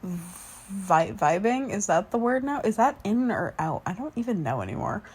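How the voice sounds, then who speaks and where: A woman's voice: medium pitch, very animated, normal speed, a little mellow, breathy edge. A woman in her twenties doing a whispered role-play as the listener's sleepy, chatty fiancée, rambling between yawns.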